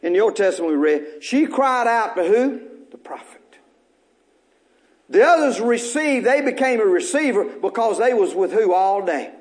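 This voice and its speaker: A man's voice: high voice, big pitch swings, moderate pace, few pauses. A male pastor preaching a sermon, calling out questions to the congregation and repeating short phrases, with folksy joking asides.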